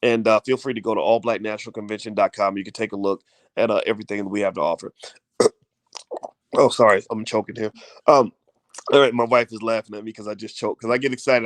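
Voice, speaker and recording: A man's voice: on the low side, steady tone, fast, dry recording. A middle-aged man hosting a casual video talk, fervent and full of fillers and repeated words. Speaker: host.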